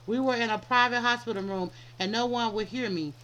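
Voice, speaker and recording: A woman reads a first-person story aloud for her podcast. Her voice is bright and a little high. She stumbles often, restarting lines and correcting herself as she goes. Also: fairly quick, hardly any pauses, poor audio. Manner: stumbling reading with frequent restarts and self-corrections. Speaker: podcast host reading a book aloud. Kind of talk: reading a book aloud.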